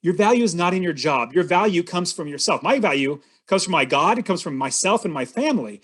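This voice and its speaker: Earnest man telling a story, fairly high voice. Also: lively intonation, a little fast, a bit bright, slightly rough. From California, US. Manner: earnest, builds suspense, addresses the host directly. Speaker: podcast guest, real estate investor. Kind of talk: storytelling on an interview podcast.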